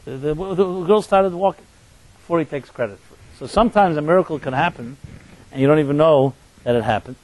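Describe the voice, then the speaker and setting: A man's voice: fairly high pitch, brisk, a little mellow, no echo, poor audio. A man, a rabbi, giving a sermon in a conversational storytelling manner with restarts and asides to his listeners. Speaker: rabbi and teacher.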